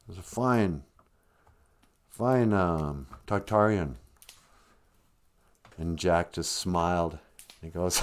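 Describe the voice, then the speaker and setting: A man's voice: sits low, takes it slowly, long pauses. A man hosting a podcast, telling a comic fairy tale in a rambling, jokey way. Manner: rambling, jokey, laughs at own story. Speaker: podcast host. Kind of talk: comic storytelling.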